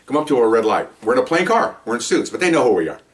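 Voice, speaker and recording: An older man, a retired police officer, tells rambling, jokey career stories in a casual monologue, sprinkling in "okay?" and "you know." His mid-range voice is very animated and rapid-fire, and the mic sits at a distance.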